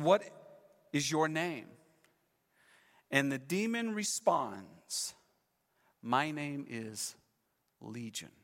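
A man pastor preaching a sermon with dramatic storytelling, swinging between loud passages and hushed ones. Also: fairly high pitch, long reverb tail.

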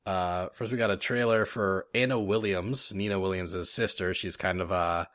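Chatty man with a low, dry voice. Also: fairly even intonation, moderate pace, fairly bright tone, no echo. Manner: enthusiastic, laughs often, many fillers. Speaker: podcast co-host. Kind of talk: casual chat.

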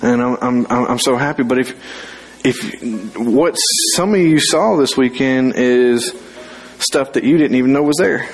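A man's voice: medium pitch, unhurried, faint music behind. A young man preaching a fervent sermon in church, on a stage mic. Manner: fervent, rising to loud dramatic scripture reading. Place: church sanctuary. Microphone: handheld or stage mic.

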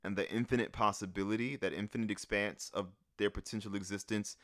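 A man who works as a vocal coach, co-hosting a casual advice chat, animated and laughing easily. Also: fast, no room sound, studio quality. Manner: animated, laughs easily, sings bits in falsetto. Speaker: podcast co-host.

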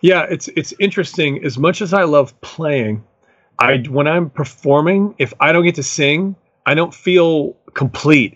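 A man's voice: medium pitch, no room sound, dull audio. A middle-aged man, a musician guest, telling stories enthusiastically in a rambling way full of fillers. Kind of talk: casual storytelling interview.

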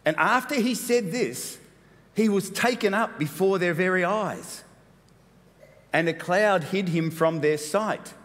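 A man preaching a sermon as pastor, animated and playful, with quick asides. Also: sits high. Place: church hall. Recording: long hall reverb.

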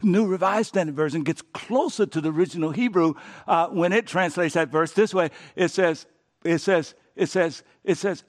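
A man preaching with a voice set high for a man. He pushes to fervent shouts, then drops to hushed, whispered words, acting out the scripture's speakers in a plain, folksy way. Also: moderate pace. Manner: dramatic preaching, swings from loud shouts to hushed near-whispers; acts out biblical dialogue with colloquial flair. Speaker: pastor. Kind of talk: sermon.

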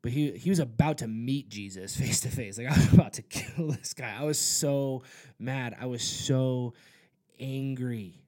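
A man's voice: medium pitch, unhurried, darkish tone. A man preaching a sermon in an earnest, conversational way, with casual asides. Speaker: pastor.

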